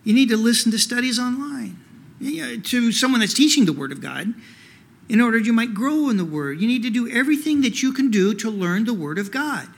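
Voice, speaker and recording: High-voiced male pastor preaching conversationally. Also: lively intonation, a little fast, creaky. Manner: conversational, many "you know" fillers, rhetorical questions. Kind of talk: sermon.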